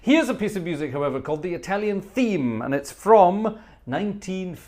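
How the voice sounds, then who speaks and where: A man hosting a live music stream, with a fairly high voice that swoops up and down as he chats. His talk is playful and teasing, and he hums little tunes between remarks. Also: expressive, normal speed, darkish tone. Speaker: livestream host playing organ. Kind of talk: chatty live-stream banter.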